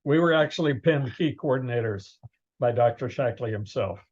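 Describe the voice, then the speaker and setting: An older man, a guest in a casual interview, speaking in a plain, measured way. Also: mid-range voice, a little mellow, husky, dull audio.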